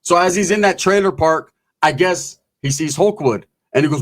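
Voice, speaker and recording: A man telling a profane, comedic story in an animated, swaggering way, full of slang. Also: fairly high pitch, normal speed.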